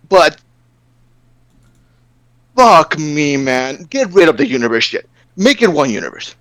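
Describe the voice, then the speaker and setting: A man in a casual, profane rant, animated and stammering through his complaints. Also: fairly high pitch, unhurried, long pauses, no echo.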